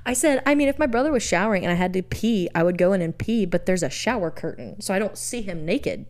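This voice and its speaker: A woman's voice: medium pitch, lively intonation, fast talker. A young woman co-hosting a podcast, retelling a dating story by reading out text messages, often laughing. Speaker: podcast co-host. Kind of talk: casual chat, retelling a date story.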